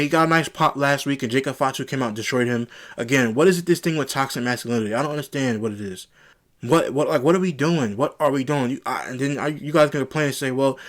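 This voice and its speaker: A man reviewing a wrestling show on his own channel, ranting in an exasperated way and repeating rhetorical questions. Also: medium pitch. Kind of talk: opinionated solo review rant.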